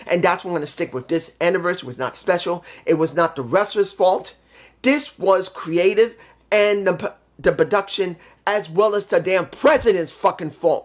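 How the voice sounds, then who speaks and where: A man talking through a wrestling show in a loose, casual review. He grows frustrated and ranty, swearing heavily as he vents his complaints. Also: sits high. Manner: frustrated ranting, heavy swearing.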